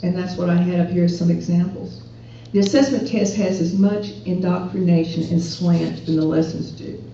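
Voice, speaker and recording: A woman's voice: medium pitch, warm tone, slight background noise. Woman speaking in an echoey hall. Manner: earnest, persuasive, addresses audience with questions. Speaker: speaker at a political rally. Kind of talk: public speech. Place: event hall. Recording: echoey hall, distant and dull.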